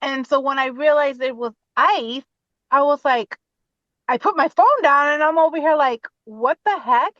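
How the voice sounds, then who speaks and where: A woman in her forties tells a personal story over a muffled remote line, speaking from inside her car. Her voice sits a little high and runs dry and close. She acts out her own words with lively swings as she talks. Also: moderate pace, dry recording. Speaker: guest.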